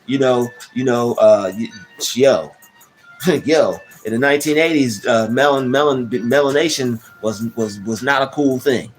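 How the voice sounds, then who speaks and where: Rambling man chatting over soft music. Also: mid-range voice. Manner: rambling, many restarts and slang fillers. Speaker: livestream host. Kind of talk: casual livestream chat. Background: soft background music.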